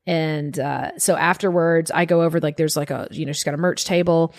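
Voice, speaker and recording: Woman comic, young adult, lowish voice, animated storyteller who acts out quotes. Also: a little fast. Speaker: guest comedian. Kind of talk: casual storytelling.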